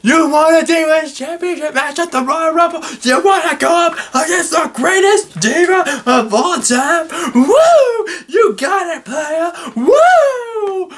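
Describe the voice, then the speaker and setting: A flamboyant old wrestling showman brags and yelps in a strained, shouting voice. The delivery leaps around in pitch and volume. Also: animated, slow, hardly any pauses, heavily acted. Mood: boastful. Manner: shouted high-pitched wooing.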